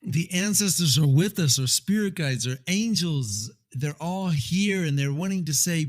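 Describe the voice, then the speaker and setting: A man's voice: on the high side, expressive, moderate pace, few pauses. A man hosting a casual chat, upbeat and encouraging, affirming his guest.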